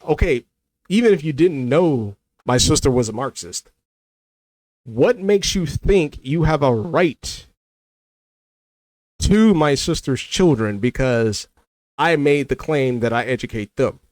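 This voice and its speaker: A man's voice: mid-range voice, lively intonation, slow pace, long pauses, darkish tone, no room sound. A man giving a heated, argumentative commentary rant, often repeating himself as he rebuts a critic. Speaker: commentary creator. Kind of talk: ranting commentary to camera.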